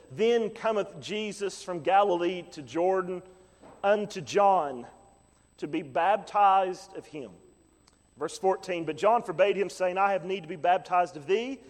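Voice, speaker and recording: A high-pitched male pastor preaches in a church sanctuary, building from calm scripture reading to fervent peaks. His voice rings with a long reverb from the hall around him. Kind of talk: sermon.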